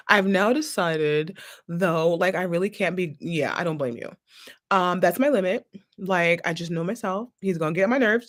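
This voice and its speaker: A woman hosting a vlog in casual chat to camera, animated and sassy, often laughing. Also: fairly low pitch, a little slow, pauses often. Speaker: vlog host.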